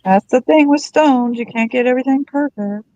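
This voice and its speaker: A woman's voice: high voice, moderate pace, a little mellow, muffled recording. A woman hosting a craft livestream, chatting casually and musing aloud as she works. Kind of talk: casual chat while crafting.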